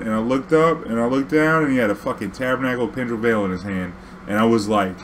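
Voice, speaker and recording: A young man telling a story casually, profane and animated, acting out dialogue. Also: medium pitch, fast, a little hiss or hum.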